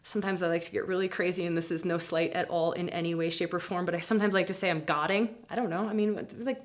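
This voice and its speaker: Quick and lowish in voice, the middle-aged woman guides listeners through a spiritual practice with a breezy, animated manner. She laughs often and acts out inner voices.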